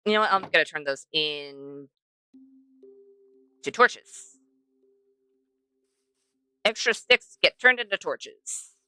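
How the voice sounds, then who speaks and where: Woman, streamer, casual gameplay chat, bright tone, dry close sound. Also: low voice, lively intonation, takes it slowly, long pauses, clean tone, no room sound, faint music behind. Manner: chatty, talks to herself and the animals.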